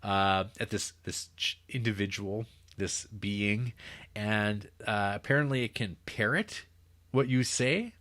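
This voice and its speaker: Rambling low-voiced man on a podcast. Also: takes it slowly, fairly bright tone, dry recording. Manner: rambling, self-interrupting, acting out scenes with quoted voices. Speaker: podcast co-host. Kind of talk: casual chat recapping a film.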